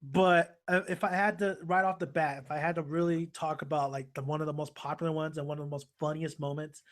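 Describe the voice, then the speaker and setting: A man hosting a podcast, retelling cartoon scenes in a rambling, excitable way with casual swearing. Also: a little high, brisk. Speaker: podcast host. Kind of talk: casual chat.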